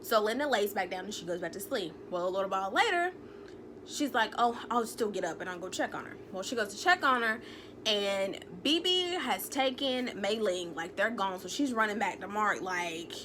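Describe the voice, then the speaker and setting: A woman giving a casual recap of a TV episode, retelling the plot with animated storytelling and acting out what the characters say. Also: mid-range voice, moderate pace, noisy background. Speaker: TV recap vlogger.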